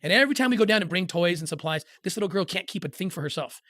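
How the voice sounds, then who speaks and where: A middle-aged man telling a personal story in an interview, earnest and halting, with many restarts as he acts out the voices of others. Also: high voice, lively intonation, fairly bright tone, no echo, clean studio sound. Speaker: interview guest.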